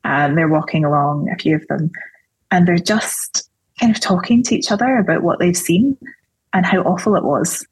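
A woman speaks with a slightly low, husky voice, unpacking her ideas in a thoughtful, explanatory way. The sound is close and dry, with no room around it. She keeps an easy, conversational podcast tone. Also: normal speed, dry recording, poor audio. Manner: thoughtful, explanatory, with light laughs. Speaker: theologian guest.

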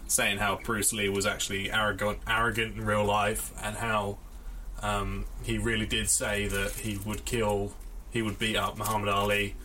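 A man's voice: lowish voice, sharp tone, slight background noise. A man hosting a podcast alone, chatting casually at home in a rambling, self-deprecating way. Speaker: podcast host. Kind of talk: casual solo chat. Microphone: audio interface.

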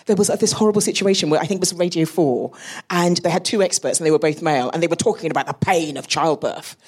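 A woman's voice: sits low, fast, darkish tone, breathy edge. A woman, a space scientist on a live panel, chatty and often laughing between phrases. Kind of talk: live podcast panel chat.

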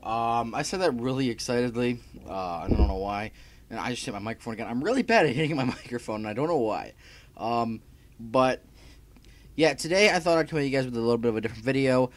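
A man's voice: medium pitch, animated, fast, dry recording. A young man talking to his YouTube viewers from home, chatty and scattered, full of fillers and restarts. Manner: chatty, scattered, self-interrupting, filler-heavy. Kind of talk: casual vlog chat. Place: home room.

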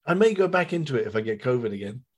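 Husky, animated man in a podcast chat. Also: mid-range voice, rapid-fire. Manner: animated, swears, slips into mocking voices. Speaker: podcast guest, host's friend. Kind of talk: casual chat.

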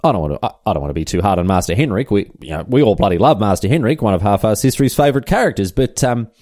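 A man's voice: fairly low pitch, lively intonation, rapid-fire, darkish tone, no room sound, clean studio sound. A man hosting a comedic history podcast, telling the story with chatty, irreverent asides and casual swearing. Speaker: podcast host.

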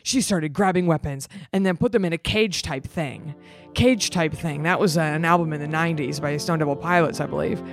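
A woman reading a story aloud in a dramatic way, breaking off for sarcastic, deadpan comments. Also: deep voice, fairly quick, hardly any pauses, dry recording, soft background music. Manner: sarcastic, mocking asides; swings between dramatic reading and flat deadpan.

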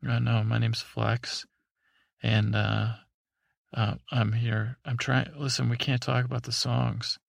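A man voicing a mellow, mumbling superhero in a sleepy bedtime story. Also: flat delivery, slow, creaky, dry recording, clean studio sound, full character voice. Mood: flat. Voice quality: mumbling, low-key.

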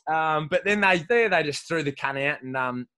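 An Australian man chats casually and crudely, with a slightly high voice. He rambles, swears constantly and laughs often. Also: expressive, moderate pace, pushed and bright, clean tone.

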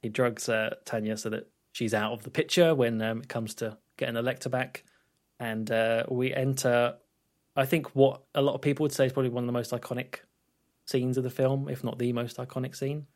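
A man's voice: mid-range voice, flat delivery, fairly quick, a little mellow. A man co-hosting a podcast, talking about a film in a laid-back, hesitant way with frequent restarts and laughs. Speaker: podcast co-host. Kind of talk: casual film review chat.

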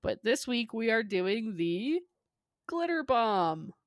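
A woman's voice: a little high, big pitch swings, slow pace, no echo. Giggly chatty woman, dry close sound. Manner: giggly, chatty, full of "like" fillers. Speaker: podcast co-host. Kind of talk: casual chat.

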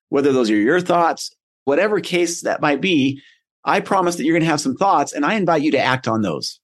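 A middle-aged man hosting a motivational podcast, telling stories in an earnest, conversational way. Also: fairly high pitch. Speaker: podcast host.

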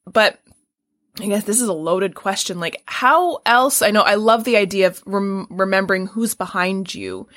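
A woman hosting a podcast, chatting casually and filling her talk with "like" and "right?". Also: mid-range voice. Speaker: podcast host. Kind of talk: casual interview chat.

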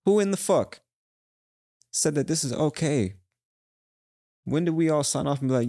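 A young man with a fairly high, mellow voice rants casually on his solo podcast, cursing as he rambles. He's animated at a normal speed but pauses often, and the studio recording is clean and dry.

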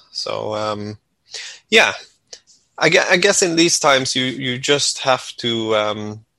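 A Norwegian man, a musician speaking English as a second language, answering thoughtfully and with many pauses and fillers. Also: lowish voice, creaky, pushed and bright, no echo. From Norway. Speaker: musician guest. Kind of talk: interview answers.

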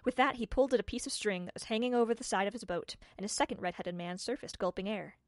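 A woman narrating a storybook in an expressive, measured way. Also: mid-range voice, no echo. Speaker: audiobook narrator.

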